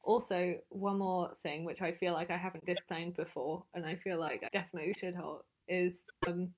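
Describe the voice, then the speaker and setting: A woman with a husky, somewhat low voice co-hosts a true-crime podcast. She talks in a flat, deadpan way, and her sarcasm is hard to tell apart from what she means. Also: normal speed, rough recording. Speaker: podcast co-host.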